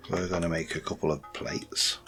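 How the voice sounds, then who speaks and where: A man's voice: deep voice, level tone, moderate pace, gravelly, a bit bright, soft background music. A man chatting casually and rambling a little while he plays a game and comments on it. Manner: chatty and rambling, with many fillers. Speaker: let's-play host.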